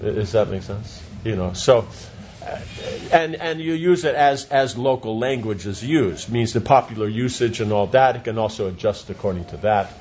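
A man's voice: lowish voice, normal speed, darkish tone. A man teaching a class in an informal discussion, explaining with everyday examples and checking that students follow. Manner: explains with everyday examples, often asks if it makes sense. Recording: dull lo-fi sound with light noise.

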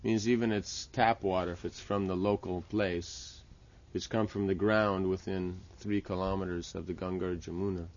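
A man's voice: low voice, steady tone, moderate pace, hardly any pauses, darkish tone, lo-fi sound. A man teaching the steps of a temple worship ritual, explaining patiently and often checking with "right?". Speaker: religious teacher. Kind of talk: instructional talk on temple worship.

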